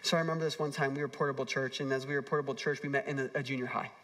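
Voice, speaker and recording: A man in his thirties preaching a sermon to a church audience. He tells stories and acts out quoted voices, moving between hushed asides and emphatic appeals. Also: medium pitch, fairly even intonation, very fast, recorded from a distance. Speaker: pastor.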